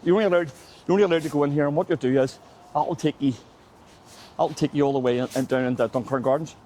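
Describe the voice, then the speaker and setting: A man's voice: a little high, fairly even intonation, quick pace, darkish tone. A middle-aged man with a Belfast accent, a local guide chatting casually on a walking tour, telling stories and peppering them with "mate". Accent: Northern Irish (Belfast). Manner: chatty storyteller, says "mate" constantly. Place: outdoors on city streets.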